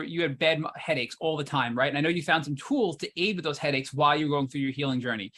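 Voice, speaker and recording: A man's voice: fairly high pitch, a bit bright. A man hosting an interview, asking long, rambling questions and correcting himself as he goes. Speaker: interview host.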